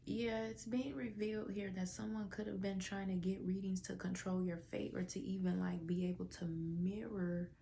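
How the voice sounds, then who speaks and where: A woman's voice: mid-range voice, fairly even intonation, normal speed, creaky, few pauses, dark tone, a little hiss or hum. A woman giving a casual tarot reading to viewers, with a stuffy nose, drawling through fillers and dropping into whispers. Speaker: tarot reader.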